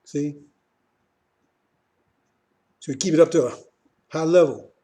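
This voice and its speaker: A man teaching religion in a loose, informal sermon, circling back over the same points and checking in with "see?" again and again. His voice sits a little high for a man yet sounds dark and mellow. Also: slow. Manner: repetitive, keeps asking "see?", restarts often.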